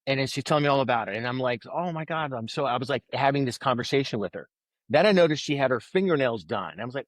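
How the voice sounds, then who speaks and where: A man tells a story in casual conversation, with an ordinary mid-range pitch and lively delivery. He slips into the voices of the people he quotes. The sound is dry and close, with no room echo. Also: fast. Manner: animated storyteller who acts out quoted voices. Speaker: podcast guest, author.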